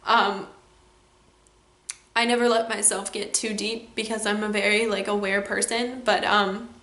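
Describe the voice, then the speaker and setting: A young woman's medium-pitched, slightly bright voice stays fairly level in pitch as she speaks at a measured pace in an echoey room. Her vlog is a candid, emotional personal reflection peppered with "like"s and "um"s, and she's close to tears.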